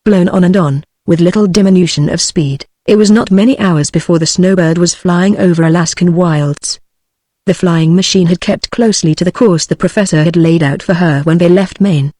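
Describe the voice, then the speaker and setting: A text-to-speech voice of a woman with a British English accent, reading an adventure novel aloud in an even, synthetic manner. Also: lowish voice, normal speed, no room sound, studio quality. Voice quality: even synthetic delivery, same voice for all characters. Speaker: audiobook narrator.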